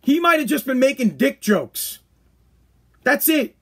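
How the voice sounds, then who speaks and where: A high-pitched man with a husky, rough edge rants on his own podcast in speech. He is blunt and crude, talking things out in a loose stream and dropping into quick mock voices to make his point. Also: big pitch swings. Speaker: podcast host. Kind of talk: ranting commentary.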